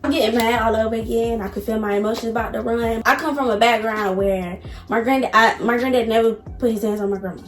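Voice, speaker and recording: A woman vlogger telling a personal story in an animated, emphatic way, addressing viewers directly. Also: on the high side, quick pace, hardly any pauses, echoey room. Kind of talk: casual storytime.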